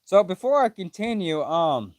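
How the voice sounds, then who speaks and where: A man's voice: sits high, big pitch swings, moderate pace, darkish tone, no room sound, studio quality. A man live-streaming his reaction to a manga chapter, reading panels aloud, correcting himself and swearing casually.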